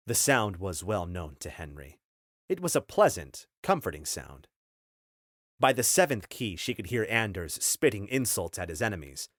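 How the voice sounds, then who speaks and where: A low-pitched man narrates an audiobook with lively, animated intonation. The sound is close and dry, like a studio booth. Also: dry recording. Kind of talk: scripted narration.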